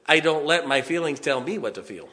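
Man, preacher, sermon, folksy, chuckling, bright tense tone, slightly high voice. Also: lively intonation, brisk, big-room sound. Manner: folksy, chuckles often, keeps checking on the congregation.

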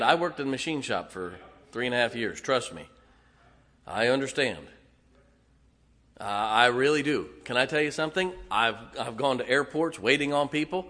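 Folksy preacher man in a reverberant hall. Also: mid-range voice. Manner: folksy, animated storytelling with asides. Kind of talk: sermon.

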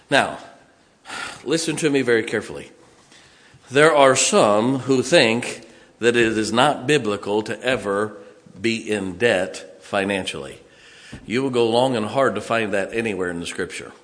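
A man's voice: on the low side, normal speed, fairly bright tone, big-room sound. A male pastor preaching a sermon, reading scripture aloud and adding emphatic asides to his congregation.

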